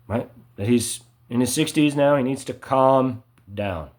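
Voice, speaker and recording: A man delivering an agitated, repetitive monologue, ending his sentences with "right?" and swinging between loud emphasis and low mutters. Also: measured pace. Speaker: vlogger. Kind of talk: ranting monologue to camera.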